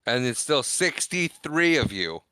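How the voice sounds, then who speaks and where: A man's voice: mid-range voice, big pitch swings, measured pace, pushed and bright, clear, resonant tone, no echo. A man co-hosting a casual podcast, chiming in with short, dry remarks. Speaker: podcast co-host. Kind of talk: casual chat.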